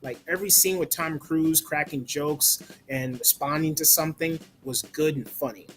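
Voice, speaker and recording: A man reviews a movie in a blunt, loose rant, filling his sentences with "like" and the odd curse. His voice sits a bit high for a man. Soft music plays faintly behind him. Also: normal speed. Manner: blunt, ranting, peppered with "like" and swearing. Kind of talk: casual spoken review.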